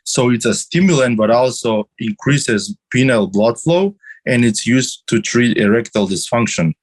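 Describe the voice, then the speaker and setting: A man's voice: mid-range voice, normal speed, rough recording. A man on a podcast explaining things at length, with many restarts and fillers. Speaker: podcast guest. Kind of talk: casual podcast chat about drugs.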